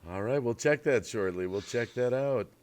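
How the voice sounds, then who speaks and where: A man's voice: medium pitch, moderate pace, crowd noise. A man hosting a livestream, chatting casually on a video call, laughing easily and repeating himself. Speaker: livestream host.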